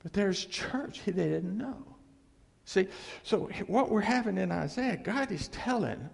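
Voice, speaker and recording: Gravelly preacher with a husky, echoing voice. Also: male voice, high voice, lively intonation, measured pace. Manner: repeats phrases for emphasis, checks in with "okay?" and "see?". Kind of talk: conversational sermon. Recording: long hall reverb.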